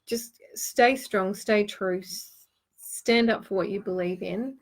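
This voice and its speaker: A woman's voice: mid-range voice, slow pace. A woman hosting a live online card-reading show, giving earnest, reassuring advice with plenty of ums and restarts. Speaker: host and tarot card reader.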